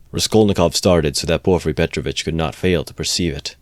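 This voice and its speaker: A man narrating a classic novel aloud as an amateur reader, in steady, measured delivery. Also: extremely low pitch, no echo.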